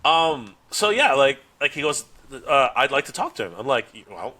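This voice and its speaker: Telling a story on a podcast, a toy YouTuber speaks in a mid-range voice at a moderate pace. His chat is casual and animated; he plays out the dialogue, laughs often, and restarts frequently.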